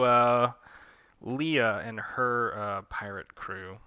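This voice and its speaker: A man giving a relaxed, rambling commentary on his own comic, with fillers. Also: lowish voice, extremely slow, clean tone, dry recording. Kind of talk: director's commentary read-along.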